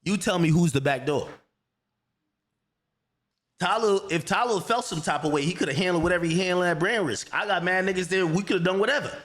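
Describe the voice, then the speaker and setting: A man hosting a livestream, telling a heated story in an animated, profane, repetitive way. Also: high-pitched, a little fast. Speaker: livestream host.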